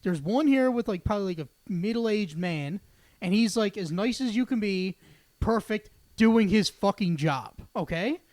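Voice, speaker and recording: A man on a podcast, swearing his way through an aggrieved story. He jumps between acting out the scene and arguing his point, heated and animated. The sound is dry and close to the mic. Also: high-pitched, normal speed, dry recording. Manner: profane, ranting, animated storytelling. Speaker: podcast co-host. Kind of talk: casual podcast banter.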